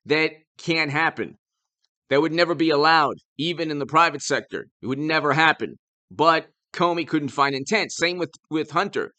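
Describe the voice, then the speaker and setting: A man delivering opinionated political commentary on his own channel, with a bright, forceful tone and a voice pitched a little high for a man. He talks emphatically and urgently, often stumbling over restarts and repeated words as he presses his point.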